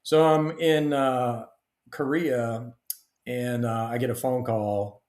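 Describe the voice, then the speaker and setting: A middle-aged man, a guest author and retired army officer, telling stories in a lively, casual way. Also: medium pitch, takes it slowly. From United States. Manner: animated storyteller, acts out dialogue. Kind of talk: casual storytelling interview. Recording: roomy echo.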